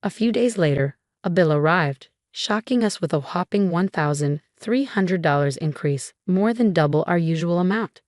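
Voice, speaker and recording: A woman reading a first-person story as narrator, in an even, measured way. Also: on the low side, dry recording, clean studio sound.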